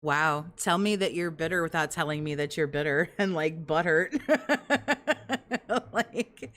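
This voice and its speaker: A woman with a low voice talks over stream clips in casual commentary. She heckles with crude, sarcastic jabs. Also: unhurried, fairly bright tone. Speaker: commentary host.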